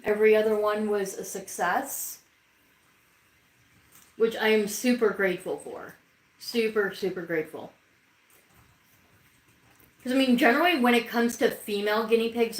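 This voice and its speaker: A livestream host with the hiccups chats casually with viewers, reading their comments aloud and talking to her pets. Her mid-range voice is fairly quick, and the audio is poor with a roomy sound.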